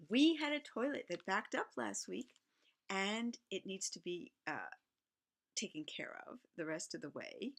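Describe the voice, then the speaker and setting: A woman's voice: medium pitch, expressive, unhurried, gravelly. A middle-aged woman reading a picture book aloud, chatting and musing between lines and playing the animal sounds. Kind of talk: casual read-aloud with asides.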